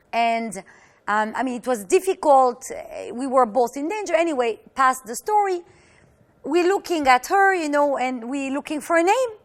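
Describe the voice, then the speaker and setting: A woman teaching through a personal story, speaking in an earnest, halting way and acting out the voices she quotes. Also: sits high.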